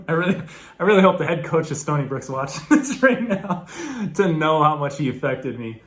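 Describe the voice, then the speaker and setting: A young man tells a story straight to the camera in a relaxed, chatty way. His voice sits a little high for a man. He gets animated, often laughs, and acts out the people in the story. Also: moderate pace. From New York. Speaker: former college baseball player telling his story.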